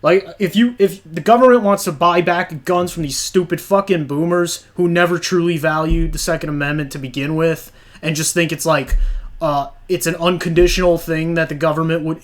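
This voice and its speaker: High-voiced young guy ranting and swearing, rambly heated argument. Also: steady tone, normal speed. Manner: profane, ranting, rambling with many fillers. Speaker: channel host arguing with a clip.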